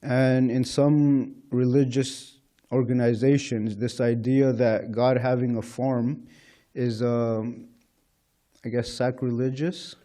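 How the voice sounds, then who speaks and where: At a temple lecture hall, a man gives an informal scripture class, speaking conversationally with frequent "you know" and chuckles. His mid-range voice is mellow and flat, and he takes it slowly.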